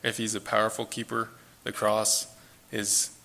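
A man's voice: fairly low pitch, monotone, measured pace, gravelly, sharp tone. A man giving an informal, earnest Bible teaching, talking conversationally and repeating phrases for emphasis.

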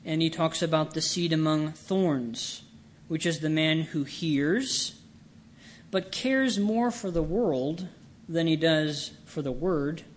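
A man preaching a sermon in a slow, deliberate way, leaning on his words for emphasis. His voice sits fairly high for a man. A faint hum of room ambience runs underneath.

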